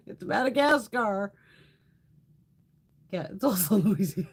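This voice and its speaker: A woman's voice: medium pitch, animated, slow, husky. A middle-aged woman hosting a beauty livestream, chatting casually with viewers, swearing freely and laughing often.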